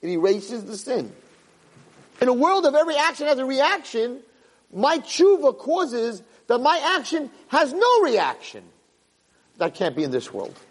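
An animated rabbi's voice that swings up and down through a wide, high range as he teaches. His tone is husky and the recording rings with long hall reverb. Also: a little slow. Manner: lively, emphatic storyteller who jumps into character voices. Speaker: rabbi giving a Torah class. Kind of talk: animated Torah lecture with storytelling.

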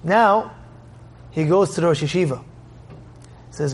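A man giving a sermon, telling a story in an animated way and acting out its scenes. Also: a little high, unhurried, long pauses, slightly rough. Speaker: religious speaker.

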